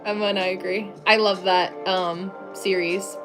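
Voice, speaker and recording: This livestream host, a woman from the United States, speaks at normal speed in a mid-range voice with little pitch movement, music running underneath. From her home desk she chats casually with viewers, filling her talk with "like" and frequent laughter.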